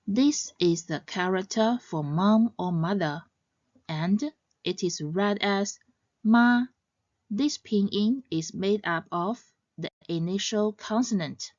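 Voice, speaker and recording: A woman giving a scripted educational narration as a language teacher, in a measured, clearly explaining way. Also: mid-range voice, darkish tone, dry recording, muffled recording.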